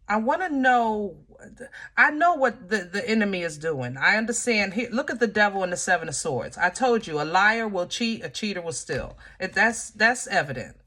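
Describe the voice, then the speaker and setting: A woman with a bright, forceful voice gives a casual tarot reading to her viewers. She drawls through fillers and restarts, and her frustration keeps breaking through. Her voice sits at an ordinary pitch for a woman. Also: animated, moderate pace. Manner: emotional, frustrated, talks straight to viewers. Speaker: tarot reader.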